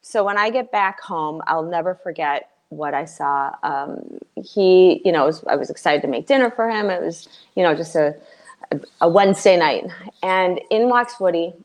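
A middle-aged woman telling her personal story as a guest, earnest and halting, with many fillers and restarts. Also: fairly low pitch, lively intonation, a little mellow.

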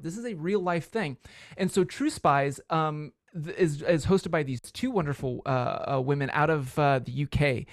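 A man's voice: a little high, no room sound, clean studio sound. Enthusiastic man co-hosting a podcast. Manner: enthusiastic, rambling. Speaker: podcast co-host. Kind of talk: casual chat.

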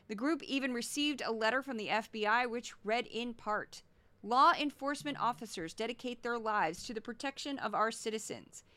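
A woman in her forties from Missouri gives solo podcast commentary. She sounds sarcastic and goofy, with a bright, high voice. The recording is close and dry. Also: no echo. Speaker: podcast host.

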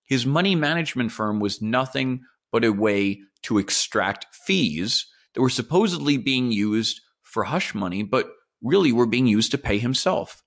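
A man's voice: medium pitch, lively intonation, measured pace, hardly any pauses. Man musing in a casual monologue. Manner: conversational, speculative storytelling. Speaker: podcast host.

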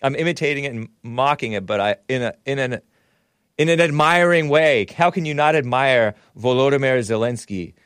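A man's voice: medium pitch, normal speed, a bit bright, clean tone, dry recording, studio quality. A man hosting a talk show, giving sarcastic, chuckling commentary while reading out chat comments.

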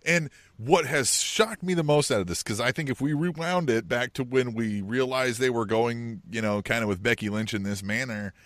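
A man co-hosting a casual wrestling podcast, telling animated, joking stories. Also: medium pitch, moderate pace, few pauses, dry recording. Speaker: podcast co-host.

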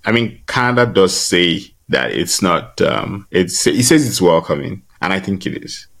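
Deep-voiced man hosting, halting questions. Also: animated, gravelly, a bit bright. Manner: thoughtful, halting questions with pauses and "um". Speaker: podcast host. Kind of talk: casual interview questions.

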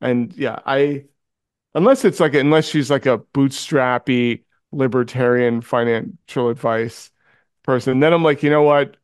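A man's voice: mid-range voice, unhurried, clean tone, dry recording, studio quality. A man chatting casually on a podcast, telling a story and acting out the voices of the people in it. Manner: animated storyteller, acts out quoted voices. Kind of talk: casual chat.

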